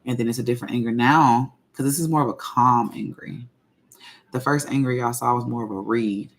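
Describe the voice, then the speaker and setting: A woman hosting her own channel, talking in a casual livestream and venting slowly and deliberately, circling back to repeat her points. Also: extremely low pitch, steady tone. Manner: slow, measured venting, repeats herself. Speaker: channel host.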